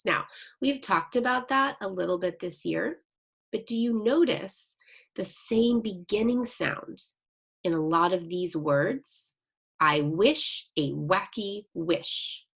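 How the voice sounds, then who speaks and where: Slow, gravelly-voiced woman teacher. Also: mid-range voice. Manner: slow, patient, encouraging, reading sentences aloud carefully. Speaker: second grade teacher. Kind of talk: recorded online lesson for young children.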